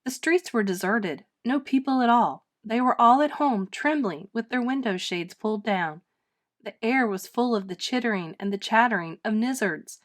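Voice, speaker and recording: Expressive woman reading a storybook aloud. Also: on the high side, normal speed. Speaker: storybook reader. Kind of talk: children's book read-aloud.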